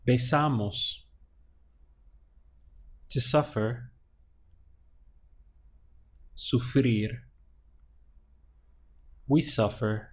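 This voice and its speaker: Slow, patient male Spanish teacher. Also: mid-range voice, slightly rough. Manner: slow, patient drilling, stretching words to show the stress. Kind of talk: language lesson.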